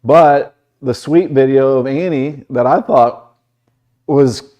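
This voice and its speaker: A man co-hosting a casual talk show, laid-back and quick to laugh. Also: mid-range voice, dark tone. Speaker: meteorologist and co-host.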